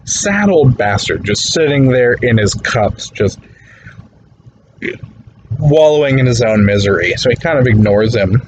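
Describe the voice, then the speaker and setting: A man recording a slow, deadpan video message from his bedroom on a phone. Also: a little hiss or hum, low-quality recording. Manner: slow, deadpan, low-key.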